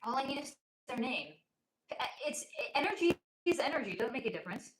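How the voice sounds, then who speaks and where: Speaking a little quickly in a high, sing-song voice, a woman chats playfully with her livestream audience from home while her child is nearby. As a spiritual reader and host, she answers viewer comments, teasing and laughing often. The low-quality recording has an echoey room sound.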